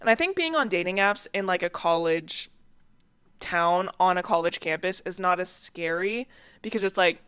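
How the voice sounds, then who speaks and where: A woman in her twenties, hosting a podcast and telling her stories in a chatty, animated way, often laughing. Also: lowish voice, clear, resonant tone. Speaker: podcast host. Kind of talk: casual storytelling.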